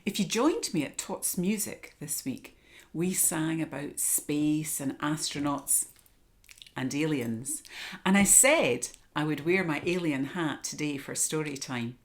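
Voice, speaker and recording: A woman hosting storytime, reading a children's story aloud expressively with dramatic hushes. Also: deep voice, measured pace. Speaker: storytime reader.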